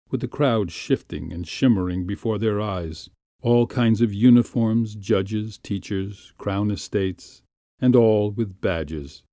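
A man reading a classic short story aloud in a measured, unhurried way. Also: fairly low pitch, dark tone, no room sound, clean studio sound. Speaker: narrator.

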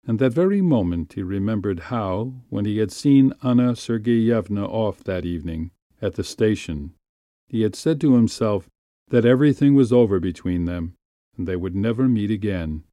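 A man reading a classic short story aloud in a measured, unhurried way. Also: on the low side, expressive, warm tone, no room sound. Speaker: narrator.

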